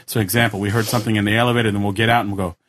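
A man from Texas, a guest voice actor, chatting casually and telling animated stories. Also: on the low side, very fast. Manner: talkative, animated storyteller. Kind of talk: casual chat.

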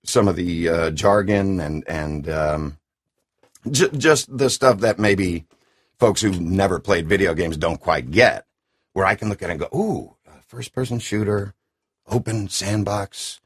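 A middle-aged man with a deep classic announcer voice, a video game voice actor chatting enthusiastically and rambling in an interview. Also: a little slow, slightly rough. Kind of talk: casual interview chat.

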